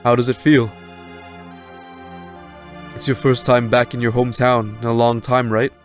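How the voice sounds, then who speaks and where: Guy reading out a cold calm swordsman from a game, level commanding voice, slight accent, music low behind. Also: normal speed, natural voice. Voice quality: even, commanding delivery with a slight put-on accent. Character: cold, calm elite swordsman, adult man. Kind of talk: reading game dialogue aloud.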